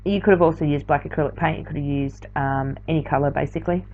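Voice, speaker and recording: Speaking fast with hardly any pauses, a woman with a low, steady, slightly mellow voice narrates a late-night craft tutorial. She's a tired art journaling teacher who chats, rambles, and corrects herself as she goes, in a slightly dull lo-fi recording.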